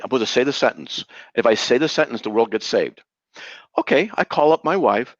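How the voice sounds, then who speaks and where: A man's voice: mid-range voice, lively intonation, brisk, no room sound. Pushy guy in a heated debate, keeps saying look look, dry muffled recording. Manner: interrupting, repeats words insistently. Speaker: debater, radio show host.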